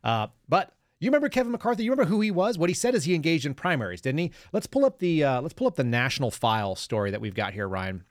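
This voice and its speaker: Male podcast host, off-the-cuff political talk, close dry mic, mid pitch. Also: no room sound. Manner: casual, rambling, directs his producer.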